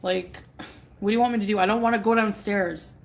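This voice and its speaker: A woman's voice: mid-range voice, fairly even intonation, a little fast, gravelly. A tired, unwell woman talking on a livestream, defensive and irritated, swearing often. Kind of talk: casual livestream chat.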